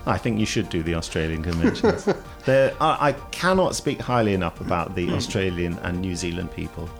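A man's voice: low voice, animated, brisk, creaky, faint music behind. A man hosting a podcast in a jokey, rambling chat, laughing often, from Britain. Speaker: podcast host.

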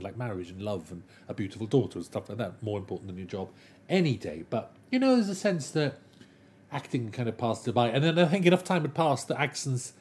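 A man chatting as an interview guest, animated and enthusiastic, with rambling anecdotes. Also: fairly low pitch, a little hiss or hum. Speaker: guest, television writer. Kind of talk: casual interview chat.

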